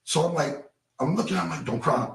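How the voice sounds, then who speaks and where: A gravelly, somewhat high-voiced man talks bluntly and profanely, circling back to the same points. He sounds set back from the mic in a roomy, echoing space. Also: steady tone, fast talker. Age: 40s. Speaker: interview guest. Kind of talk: casual storytelling. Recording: roomy echo, mic at a distance.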